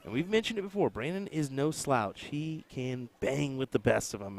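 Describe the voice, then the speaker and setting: A man commenting on a darts match on a live stream, with relaxed, joking banter. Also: medium pitch, normal speed, gravelly. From United States.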